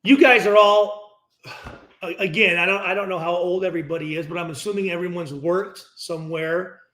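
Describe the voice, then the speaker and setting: A middle-aged man hosting a post-game reaction stream, ranting bluntly and profanely, acting out locker-room exchanges in quick voices. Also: sits high, a bit bright, roomy sound. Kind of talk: casual, profane livestream rant.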